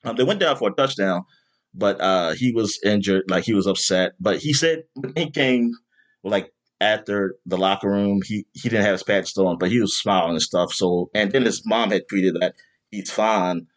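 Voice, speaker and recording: A man hosting a podcast in casual chat, rambling with lots of fillers and bursting into loud exasperation. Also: lowish voice, normal speed. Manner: rambling, animated, with many fillers. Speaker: podcast host.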